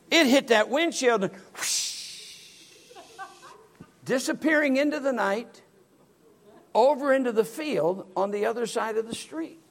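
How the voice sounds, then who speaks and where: An older pastor tells a story in a folksy, animated way. His voice sits high for a man and swings widely in pitch. He acts out the quotes as he goes. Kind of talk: storytelling sermon.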